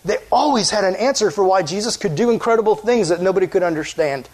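A man gives a casual sermon with lively energy, often asking his listeners questions. His voice is a little higher than most men's and swings widely in pitch. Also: fast talker. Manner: animated, conversational, quizzes the audience.

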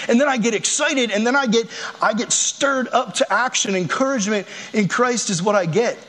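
A young man, a youth pastor giving a casual, energetic sermon full of jokey stories. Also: high voice. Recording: echoey hall sound.

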